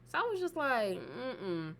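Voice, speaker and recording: A woman's voice: medium pitch, moderate pace. A woman casually telling a personal story on her vlog, loose and profane, with plenty of fillers. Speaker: storytime vlogger.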